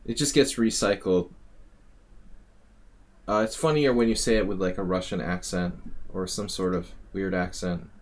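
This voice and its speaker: Low-voiced man talking through chess moves. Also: fairly even intonation. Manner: thinking aloud, quick corrections, chatty asides. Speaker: chess coach analyzing subscriber games. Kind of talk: casual live-stream game analysis.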